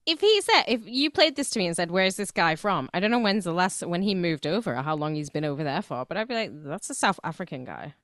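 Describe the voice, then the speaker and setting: Crude giggly woman cohosting a podcast, bouncy pitch, dry sound. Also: big pitch swings, fast talker, hardly any pauses, fairly bright tone, dry recording. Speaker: podcast co-host. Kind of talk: crude casual chat.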